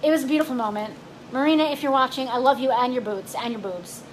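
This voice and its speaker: A playful woman co-hosts a casual chat and jumps in with lively stories. Her voice sits high. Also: quick pace, slight background noise, rough recording. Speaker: co-host.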